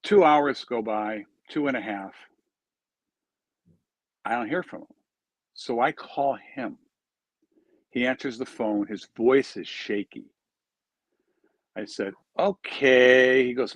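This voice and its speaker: A man's voice: medium pitch, takes it slowly, long pauses, no room sound. A man, a charity founder, telling an earnest story in an interview and acting out the quoted dialogue.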